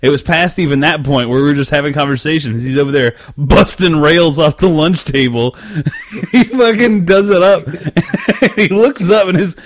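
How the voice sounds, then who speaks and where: A man's voice: a little high, moderate pace, no echo, clean studio sound. A young man, telling profane stories in casual chat and laughing often. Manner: profane, animated storytelling with frequent laughter.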